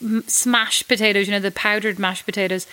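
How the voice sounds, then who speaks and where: A woman's voice: medium pitch, fairly even intonation, fairly quick, bright, forceful tone, low-quality recording. Chatty Irish woman in her forties. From Ireland. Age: 40s. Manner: chatty storytelling, laughs often, many fillers. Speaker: guest. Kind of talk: casual chat.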